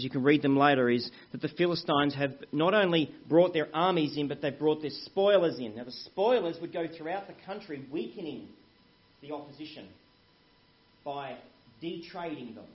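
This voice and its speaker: A man's voice: fairly high pitch, slightly rough. A man preaching a sermon in an earnest way, calling the congregation brethren and telling anecdotes. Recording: muffled lo-fi recording.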